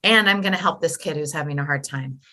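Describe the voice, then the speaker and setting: A middle-aged woman talking openly in an interview, her voice bright and forward, sitting a little low in pitch. She tells her story expressively, sometimes lively and sometimes hushed. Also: quick pace. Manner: expressive storyteller, swings between animated and quiet. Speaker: podcast guest, widowed mother. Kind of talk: candid conversational interview.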